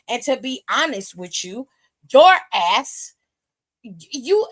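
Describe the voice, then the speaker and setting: A woman co-hosting a live stream, recapping wrestling in a blunt, profane, animated way. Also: sits high, normal speed, poor audio. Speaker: stream co-host. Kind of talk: casual wrestling chat.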